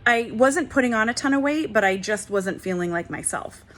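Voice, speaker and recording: A woman's voice: on the high side, animated, moderate pace, a bit bright. A woman in her forties hosting a wellness channel, telling a personal story to camera in a candid, chatty way with playful asides. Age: 40s. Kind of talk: casual talk to camera.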